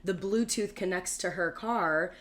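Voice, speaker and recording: A woman's voice: lowish voice, unhurried, fairly bright tone. A woman in her thirties co-hosting a podcast, telling a long story in casual chat with lots of "like" fillers and acted-out quotes. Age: 30s. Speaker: podcast co-host.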